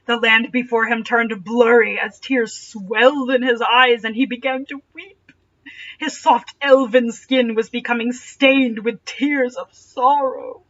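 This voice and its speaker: A young woman reading a fanfiction aloud in her bedroom, breaking off for dry, mocking, deadpan asides. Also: on the high side, measured pace, far from the mic, highs cut off. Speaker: reader and commentator. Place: bedroom at home.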